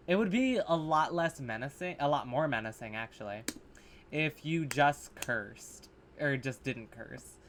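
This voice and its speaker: Guy ranting over horror shorts, sarcastic and blunt, cusses a lot, trips over his words, medium pitch. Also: lively intonation, normal speed, a bit bright, a little hiss or hum. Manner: blunt, sarcastic, swears freely, rambling restarts. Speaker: reaction video host. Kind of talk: casual reaction commentary.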